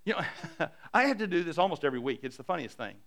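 A middle-aged man preaching a sermon as a pastor, animated and self-deprecating, swinging between hushed and loud. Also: fairly high pitch, racing, creaky.

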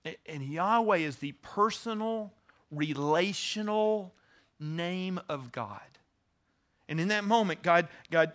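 A male pastor delivering a sermon in a high, bright voice. He talks in an earnest, teaching way, stumbling over restarts and repeated words as he explains.

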